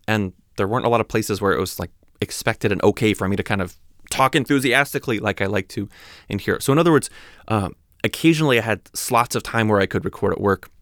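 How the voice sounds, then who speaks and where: A man's voice: fairly low pitch, gravelly, no echo, studio quality. A man hosting a podcast, talking casually and reflectively in a rambling, chatty way with many fillers and restarts. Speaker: podcast host.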